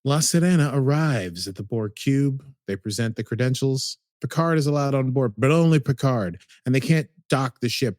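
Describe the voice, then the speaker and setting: A man's voice: medium pitch, darkish tone, no echo, studio quality. A man casually recapping a TV episode as a podcast co-host, rambling and chatty with lots of "like"s.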